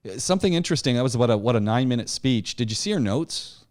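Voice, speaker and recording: Male coach voice, mid pitch, encouraging, lots of quick "yeah"s, loose classroom delivery. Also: expressive, a little mellow. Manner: encouraging, many repeated yeahs and restarts. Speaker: public speaking teacher. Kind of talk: interactive class discussion.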